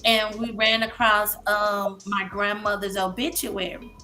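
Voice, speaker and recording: Emotional woman with a bright voice. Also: mid-range voice, flat delivery, soft background music. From Massachusetts. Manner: halting, many fillers and restarts. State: emotional, near tears. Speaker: guest speaker, licensed therapist. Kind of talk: emotional personal testimony on a live show.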